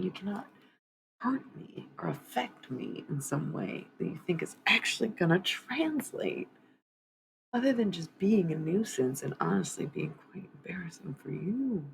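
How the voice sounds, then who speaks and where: A woman's voice: fairly low pitch, vocal fry, a little hiss or hum, low-quality recording. A woman hosting a livestream card reading in casual chat, blunt and swearing freely, talking back sharply.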